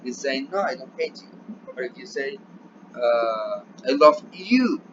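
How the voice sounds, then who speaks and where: Teaching English remotely, a native Spanish speaker with a Colombian accent speaks unhurriedly at medium pitch, frequently asking "yeah?" to check in. The recording sounds dull and lo-fi, with noticeable noise behind him.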